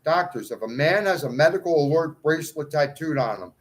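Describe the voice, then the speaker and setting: An agitated man speaks straight to his followers in a long, pleading rant. His voice sits slightly high and swings widely, leaping from loud outbursts down to quiet muttering. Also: lively intonation, fairly quick, rough recording. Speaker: self-styled cleric addressing followers. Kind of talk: ranting monologue to followers.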